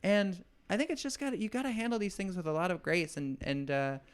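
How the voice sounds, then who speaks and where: A man appearing as a podcast guest in casual conversation, articulate and quick to joke. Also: high voice, clear, resonant tone.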